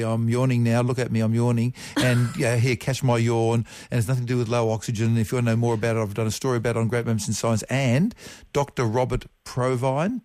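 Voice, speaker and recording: A man's voice: medium pitch, a little mellow, no room sound. A man chatting on a radio science segment, playful and fond of spelling out words letter by letter. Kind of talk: casual radio science chat. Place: radio studio. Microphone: studio microphone.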